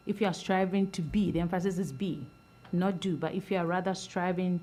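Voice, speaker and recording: A middle-aged woman on a school board speaking earnestly at a public meeting, rambling with many restarts and soft laughs. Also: on the low side, normal speed.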